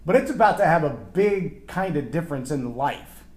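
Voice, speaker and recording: Lively male faith teacher with a somewhat high voice who dramatizes scripture and stumbles over repeated words. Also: normal speed. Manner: animated, acts out quoted lines in character; repeats words when thinking aloud. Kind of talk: Bible teaching talk.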